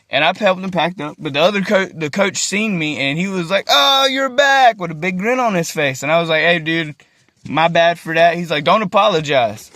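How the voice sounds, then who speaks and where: A man's voice: fairly high pitch, sharp tone, dry recording. A young man, ranting to his phone camera in an agitated, profane way and repeating himself. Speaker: vlogger. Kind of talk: emotional rant to camera.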